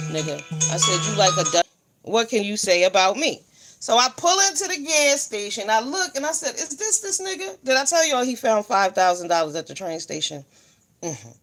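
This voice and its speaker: Woman, loud, profane, animated livestream storyteller. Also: medium pitch. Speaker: livestream host.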